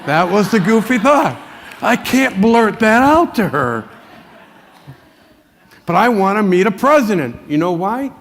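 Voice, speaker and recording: Gravelly high-voiced man telling folksy stories. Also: very animated, measured pace, pauses often, a bit bright. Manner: folksy anecdotes with frequent chuckles. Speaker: motivational speaker. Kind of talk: motivational keynote storytelling. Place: large conference hall. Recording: long hall reverb.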